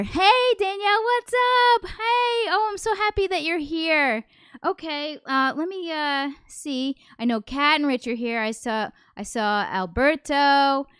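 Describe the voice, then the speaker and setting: A woman's voice: sits high, takes it slowly, a bit bright, no echo, studio quality. A woman hosting a livestreamed variety show, chatting in a rambling, self-deprecating way and greeting viewers by name. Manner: self-deprecating, nervous, laughs often. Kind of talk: casual livestream chat.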